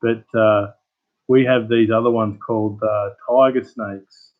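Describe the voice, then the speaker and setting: A man's voice: lowish voice, steady tone, unhurried, phone-quality sound. An Australian man hosting his channel, chatting casually with live viewers as a rambling, laid-back storyteller. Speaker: channel host.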